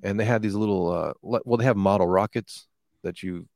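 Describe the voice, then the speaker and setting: A man's voice: lowish voice, a little fast, creaky, darkish tone, no echo, studio quality. A man in casual chat, telling a rambling, profane story with lots of fillers.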